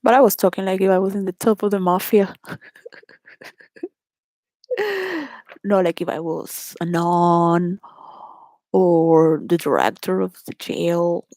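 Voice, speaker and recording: A woman's voice: lowish voice, expressive, slow, long pauses, a little mellow, dry recording, clean studio sound. A woman from Venezuela telling candid personal stories in a rambling way, laughing often and restarting her sentences.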